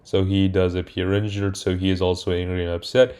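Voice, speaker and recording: Deep-voiced man rambling through a film recap. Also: flat delivery, fairly quick, warm tone, smooth. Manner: rambling, hesitant, many fillers and self-corrections. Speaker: movie reviewer. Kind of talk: casual spoken film recap.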